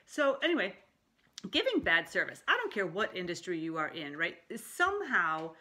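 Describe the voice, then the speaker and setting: A middle-aged woman life coach talking casually to camera in a chatty, animated way, often laughing. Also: lowish voice, moderate pace. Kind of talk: casual talking-head vlog.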